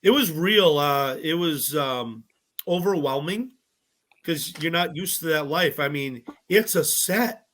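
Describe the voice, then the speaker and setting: A young man, a podcast guest telling stories from a cooking show in a bubbly, animated way, acting out other people's lines and swearing freely. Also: fairly high pitch, slow. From Massachusetts, US. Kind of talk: casual storytelling chat.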